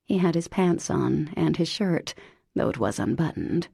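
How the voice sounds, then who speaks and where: Woman narrator for a romance audiobook, mellow and low, wry delivery. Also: lively intonation, a little slow, vocal fry, breathy edge, dry recording, clean studio sound. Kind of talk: scripted narration.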